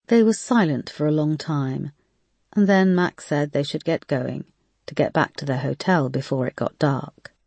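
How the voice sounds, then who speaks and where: A measured audiobook narrator, reading a crime thriller in a steady, even storytelling voice. The recording is close and dry, with no room around it. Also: medium pitch, gravelly, no room sound. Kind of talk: scripted narration.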